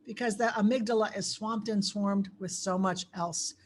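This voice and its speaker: A woman giving a conversational crisis-training lecture, pausing often on ums and putting questions to her audience. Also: mid-range voice, fairly even intonation, a little hiss or hum. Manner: asks the audience questions, many filler ums.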